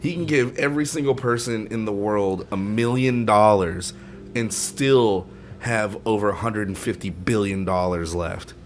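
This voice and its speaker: A man with a fairly low, unhurried voice co-hosts a casual podcast chat. He rambles through long explanations, packing them with fillers.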